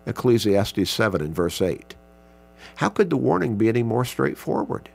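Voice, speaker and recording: A man teaching a Bible class, speaking in a slow, measured way and reading scripture passages aloud with emphasis. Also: medium pitch, sing-song, vocal fry, darkish tone, slightly rough. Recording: mains hum in background.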